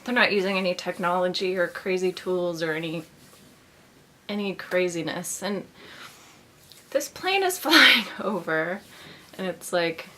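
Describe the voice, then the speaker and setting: Bright-voiced rambling woman. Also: on the low side, expressive, a little slow, pauses often, slight background noise. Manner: rambling, full of "like". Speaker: vlogger. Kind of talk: casual rambling monologue.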